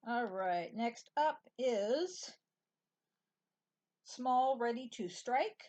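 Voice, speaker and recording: A woman's voice: a little high, lively intonation, very slow, a little mellow. A woman with children, co-hosting a casual stitching chat, talking dryly and matter-of-factly with fillers. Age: adult parent. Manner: dry, matter-of-fact, with restarts and fillers. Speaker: co-host of a stitching show.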